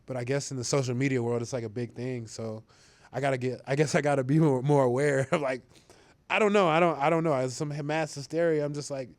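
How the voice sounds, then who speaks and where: A young football player speaks fast in a mid-range voice during a casual interview. He rambles with fillers and restarts and laughs easily, and there's no echo.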